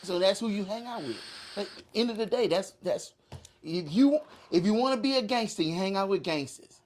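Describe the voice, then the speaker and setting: A man's voice: sits high, animated, a little fast, a little hiss or hum. Cohost guy, teasing and blunt, swears a lot, voice jumps all over. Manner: teasing, profane, gives blunt advice. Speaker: podcast co-host. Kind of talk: casual chat.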